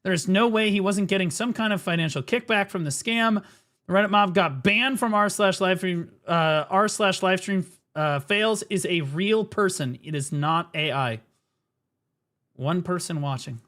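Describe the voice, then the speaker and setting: A man's voice: high voice, moderate pace, fairly bright tone. A man streaming live reaction commentary, blunt and profane, repeating his points as he gets riled up. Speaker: streamer host.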